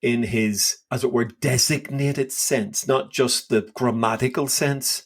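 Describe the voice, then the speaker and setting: A man's voice: medium pitch, fairly even intonation, slow pace, breathy edge. A man co-hosting a casual Bible podcast, his voice sitting in a middling register. He talks with eager enthusiasm and keeps circling back over his own words as he works an idea out aloud. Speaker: podcast co-host.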